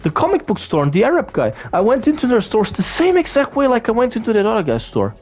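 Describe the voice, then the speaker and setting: A man's voice: very high-pitched, huge pitch swings, fast talker, a little mellow, faint music behind. A young man from Austria, ranting profanely and indignantly as he tells a storytime vlog. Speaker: vlogger. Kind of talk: angry storytime rant.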